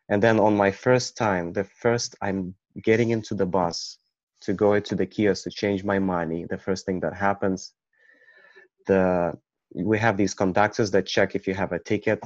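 Man from Ukraine, personal storyteller, halting delivery, low and unhurried. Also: darkish tone, no echo. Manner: halting, with many restarts. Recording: dull, muffled recording.

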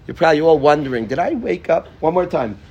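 A rabbi giving an informal Torah lesson to his students, a man with a fairly high, husky voice. He talks animatedly, acting out small exchanges, calling on students by name and repeating key words for emphasis. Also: fast, highs cut off. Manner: animated, acts out little dialogues and calls on students by name. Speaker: yeshiva rabbi teaching students.

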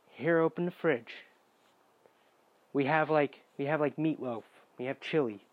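A man's voice: mid-range voice, dry recording. Young male vlogger, exasperated and profane, storytelling; dull mic, dry room. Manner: profane, exasperated, bursts into shouting. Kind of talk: casual storytime rant.

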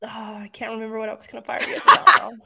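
A woman's voice: on the high side, monotone, racing, creaky, pushed and bright, a little hiss or hum. A woman co-hosting a casual sports podcast, blunt and teasing, swearing casually. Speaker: podcast co-host.

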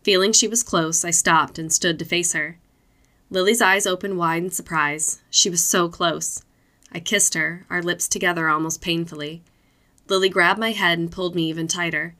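A woman reading adult fiction aloud, in steady, unhurried narration. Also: fairly low pitch.

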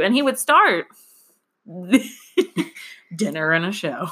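Woman, podcast co-host, a bit raspy, low-ish voice, casual storytelling. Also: normal speed, long pauses, a bit bright. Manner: laughs often, chatty storytelling. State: a little raspy today. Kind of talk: casual chat.

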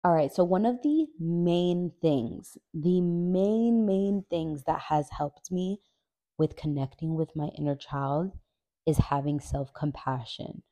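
A woman's voice: low voice, slow pace, dark tone. A young woman hosting a podcast, talking casually and emotionally, often saying "like". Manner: emotional, confessional, uses filler "like". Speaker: podcast host. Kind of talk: casual solo podcast talk.

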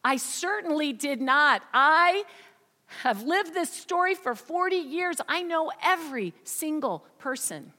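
A woman voicing a wounded, defensive middle-aged woman who protests in a sharp, raised, emphatic way. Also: high-pitched, expressive, unhurried, voice pushed up, exaggerated voice. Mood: indignant. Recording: long hall reverb.

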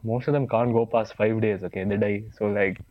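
A man's voice: lowish voice, fairly even intonation, fairly quick. A young man from India co-hosting a podcast, chatting casually with friends and laughing a lot as he teases them. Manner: laughs often, slangy and teasing. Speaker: podcast co-host. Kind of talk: casual chat among friends. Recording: dull dry lo-fi sound.

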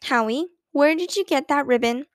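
A woman's voice: high voice, moderate pace, no room sound, studio quality, natural voice. A woman voicing a well-meaning mother who speaks in a coaxing, reasonable way.

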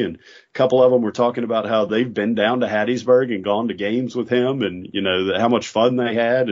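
A man co-hosting a podcast, telling laid-back stories in a casual chat. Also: lowish voice. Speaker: podcast co-host. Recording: dull lo-fi podcast audio.

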